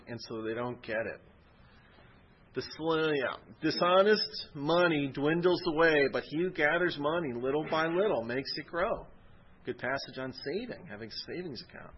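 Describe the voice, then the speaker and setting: A man with a somewhat husky voice gives a casual, rambling Bible teaching full of personal asides. The recording sounds dull and lo-fi. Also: mid-range voice. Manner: conversational, rambling with anecdotes.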